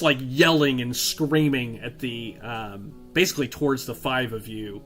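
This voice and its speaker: A male game master narrating a tabletop game at a middle pitch, stopping often with fillers as he thinks. Faint guitar music plays softly underneath. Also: unhurried, few pauses. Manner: hesitant, many fillers.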